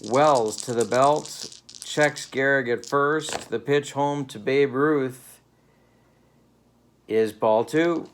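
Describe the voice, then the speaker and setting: A man's voice: mid-range voice, takes it slowly, a little hiss or hum. A man calling mock play-by-play for a tabletop baseball game at home, with dry, playful broadcaster patter. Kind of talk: mock radio play-by-play commentary. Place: home living room.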